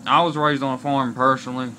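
The voice belongs to a young man from Kentucky, a vlogger with an Appalachian accent, ranting to camera. It's medium in pitch, sharp in tone, and barely moves in pitch. He sounds aggrieved and blunt, swears often, and speaks slowly and deliberately over a little hiss or hum.

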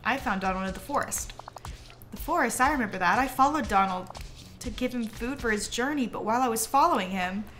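A woman's voice: fairly high pitch, fairly quick, a bit bright, a little hiss or hum, lightly acted. Minnie Mouse, read by a woman. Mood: earnest. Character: sweet gentle female cartoon mouse. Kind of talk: reading game dialogue aloud.

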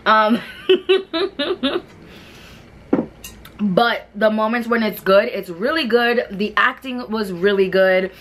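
A woman's voice: on the high side, expressive, slow pace, pauses often, a bit bright. A woman, chatting casually and rambling through a review of television shows, full of fillers and restarts. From New York. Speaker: beauty vlogger.

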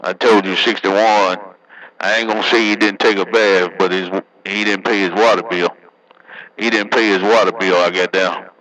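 A man's voice: low-pitched, steady tone, normal speed, a bit bright, rough recording. A man bantering over CB radio, teasing and joking, tagging his lines with "man". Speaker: CB radio operator. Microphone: CB radio handset.

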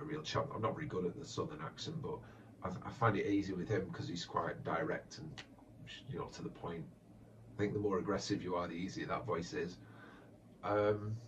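A man with a very low voice answers fan questions in a hesitant, chatty way, full of restarts. He sounds distant from the mic, and the recording is dull and lo-fi with faint background noise. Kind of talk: casual Q&A chat.

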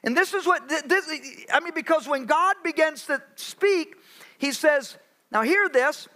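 High, bright-voiced preaching pastor. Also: male voice, expressive. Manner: preaching with dramatic pauses, acting out Bible voices. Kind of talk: sermon. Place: church sanctuary.

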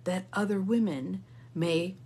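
A woman's voice: medium pitch, takes it slowly, a little mellow. Emphatic woman coaching, faint hum behind. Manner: emphatic, repeats key phrases, reads viewer comments aloud. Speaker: intuitive guidance coach. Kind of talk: live motivational coaching talk.

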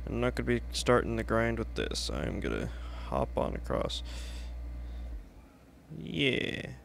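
A man's voice: medium pitch, wildly swooping pitch, a little slow, vocal fry, fairly bright tone, a little hiss or hum. A young man casually commenting while playing a video game, laid-back and chatty, swearing now and then. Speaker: let's play host.

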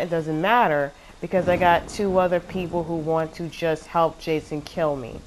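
A woman's voice: lowish voice, a little hiss or hum. A woman giving casual, rambling commentary over her own gameplay footage, sounding exasperated and using plenty of fillers. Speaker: gaming channel host.

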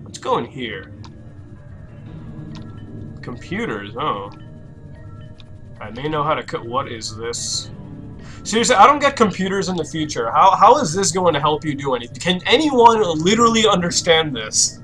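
A young man commentating a horror game let's play, swearing a lot and reacting loudly with jumpy outbursts. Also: fairly high pitch, animated, moderate pace, soft background music. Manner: loud, profane, jumpy reactions. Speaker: gaming YouTuber.

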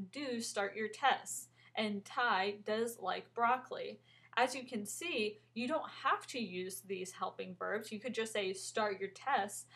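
A young woman teaches grammar at a middle pitch. She explains methodically, reads out example sentences and drops in an occasional um. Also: fairly bright tone. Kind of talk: recorded grammar lesson.

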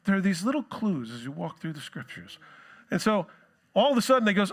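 Man, pastor, sermon, conversational, joking asides, slightly high pitch. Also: very animated, fairly quick.

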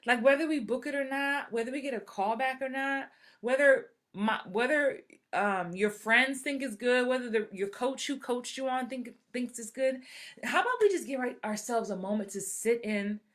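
A woman's voice: on the high side, normal speed. A woman in her forties, an acting coach giving a casual live motivational talk and acting out voices she quotes. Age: 40s. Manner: animated, acts out quoted voices.

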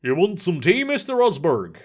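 A man voicing a rough-voiced, fit Irishman in his fifties in a story reading, with a musical Irish accent. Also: high voice, wildly swooping pitch, moderate pace, exaggerated voice.

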